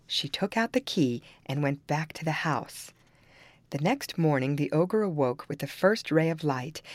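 A woman reads a fairy tale aloud in a low voice that rises and falls with lively pitch. Her storybook narration keeps a calm, even pace. The recording is dry and close. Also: no room sound.

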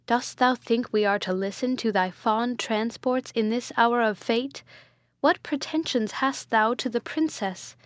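A woman's voice: a little high, measured pace, dry recording, natural voice. A haughty noble marquis scolds with scorn and force, as a woman reads him. The sound is close and dry. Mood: scornful.

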